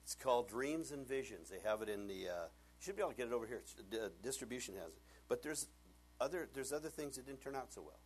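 A man preaching a sermon as pastor, telling stories and swinging from hushed tones up to near shouting. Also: medium pitch, lively intonation, quick pace, slight background noise.

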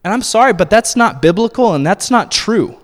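A man with a fairly high voice preaches in a loose, conversational way and keeps checking in with the congregation. His voice carries a long reverb, as in a church hall. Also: animated, a little fast. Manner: conversational, often asks the congregation "right?". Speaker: pastor. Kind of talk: sermon.

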